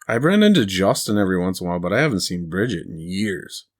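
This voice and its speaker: Low-voiced laid-back podcast guy. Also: big pitch swings, quick pace. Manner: rambling, laughs at his own stories. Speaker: podcast co-host. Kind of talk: casual chat.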